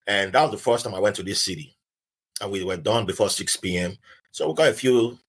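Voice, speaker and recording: A man's voice: low-pitched, husky. A man from Nigeria with a Nigerian accent, a podcast guest telling a story and acting out the people in it. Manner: animated, acts out the voices of people in his stories. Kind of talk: storytelling in casual podcast chat.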